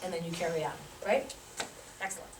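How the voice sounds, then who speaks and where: A woman, a physical therapy instructor, teaching a live demonstration and coaching a volunteer through an exercise with quick cues and encouragement. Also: lowish voice, slight background noise. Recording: roomy sound from a distant mic.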